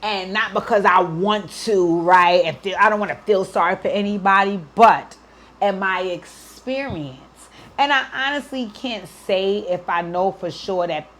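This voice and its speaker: A woman's voice: medium pitch, measured pace, a bit bright. A woman hosting an advice show, speaking earnestly and emotionally to a worried mother, close to tears at times and often checking in with "right?". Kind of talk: heartfelt advice talk to a listener.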